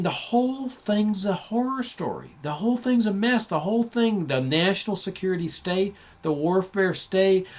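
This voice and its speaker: Man, talk show host, higher voice, heated sarcastic commentary, stumbling restarts. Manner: impassioned, sarcastic, full of restarts. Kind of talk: political commentary monologue.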